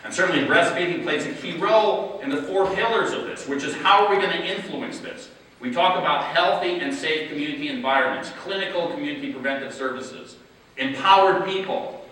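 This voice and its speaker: Bright-voiced man speaking in an echoey hall. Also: a little high, distant mic. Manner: rhetorical, keeps asking "right?" to the audience; emphatic, slows to stress key words. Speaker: public health official giving a keynote. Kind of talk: conference keynote speech. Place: large conference hall.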